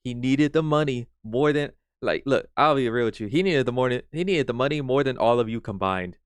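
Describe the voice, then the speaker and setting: A man's voice: mid-range voice, a little fast, clear, resonant tone, dry recording, clean studio sound. A man streaming a reaction to a video, ranting in exasperation and swearing freely.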